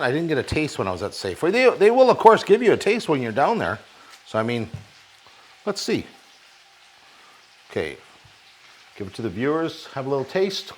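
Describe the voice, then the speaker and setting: A man's voice: medium pitch, a bit bright. A man hosting a casual home cooking show from his kitchen, rambling and cracking jokey asides to the viewers as he cooks. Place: kitchen at a stove.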